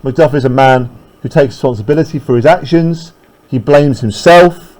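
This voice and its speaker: A man teaching a classroom literature lesson, with a voice at an ordinary middle pitch. He breaks ideas into small steps and keeps tossing in quick "right?" checks to the students. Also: a little mellow, poor audio.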